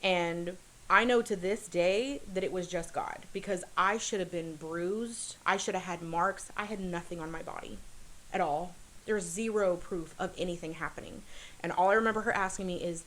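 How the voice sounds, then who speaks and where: A woman telling a personal story as a podcast guest, earnest and halting, with many fillers and restarts. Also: on the low side, a bit bright, slight background noise, low-quality recording. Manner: earnest, confessional.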